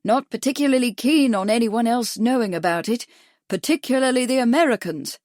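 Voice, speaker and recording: A woman voicing a polite, slightly awkward gentleman who speaks loudly and distinctly, as if to a deaf man. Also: a little high, brisk, no echo, studio quality, pitched above the performer's own voice, lightly acted. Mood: earnest.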